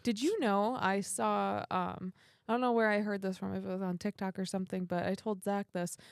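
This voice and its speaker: A woman's voice: medium pitch, steady tone, gravelly, clean tone, no room sound. Chatty Michigan woman co-host, dry sound. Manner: chatty, quick to question. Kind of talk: casual chat.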